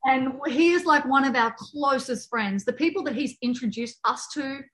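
A woman guest chatting casually and telling a travel story, laughing easily between quick asides. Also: high-pitched, fairly bright tone, low-quality recording. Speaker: guest, author and fitness program creator. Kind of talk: casual storytelling in a podcast chat.

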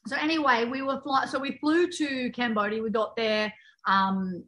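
A woman guest chatting casually and telling a travel story, laughing easily between quick asides. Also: fairly high pitch, fairly even intonation, pushed and bright, poor audio. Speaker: guest, author and fitness program creator. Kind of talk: casual storytelling in a podcast chat.

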